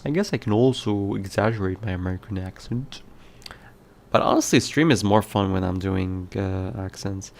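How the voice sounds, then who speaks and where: A man's voice: sits low, moderate pace, gravelly, a little mellow. Rambling man streaming casually. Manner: rambling, self-correcting, with many fillers. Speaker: indie game developer and streamer. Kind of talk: casual livestream talk.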